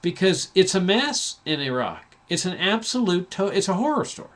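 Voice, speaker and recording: A man's voice: high voice, very animated, moderate pace, fairly bright tone. A man hosting a talk show, giving a passionate, sarcastic political commentary monologue with frequent restarts. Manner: impassioned, sarcastic, full of restarts.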